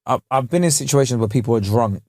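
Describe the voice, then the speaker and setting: A man co-hosting a podcast, chatting in an animated, teasing way. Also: medium pitch, fast talker, dry recording, clean studio sound. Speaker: podcast co-host. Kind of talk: casual chat.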